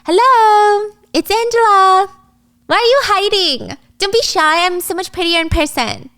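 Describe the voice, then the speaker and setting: A woman voicing a coy, flirtatious woman in a very high, put-on voice. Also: unhurried, sharp tone, full character voice. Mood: flirty. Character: breathy flirtatious woman turned desperate pleader.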